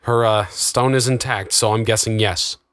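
A man's voice: fairly low pitch, steady tone, normal speed, a bit bright, no room sound, close to an everyday voice. A nervous older technician who hedges and then cries out in alarm, as a male narrator puts him on. The voice sounds dry and close. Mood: anxious. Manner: hesitant, alarmed.

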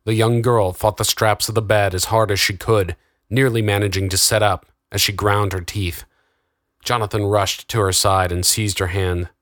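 A male narrator reads a fantasy novel with steady, dramatic delivery. His voice sits low, and the recording is dry and close. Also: moderate pace, no room sound. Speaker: audiobook narrator. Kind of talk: scripted narration.

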